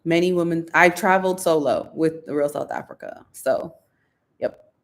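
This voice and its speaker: Chatty woman with a gravelly low voice. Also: moderate pace. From United States. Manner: chatty, reads viewer comments aloud and answers them. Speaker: host of a live Q&A stream. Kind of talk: casual live-stream Q&A.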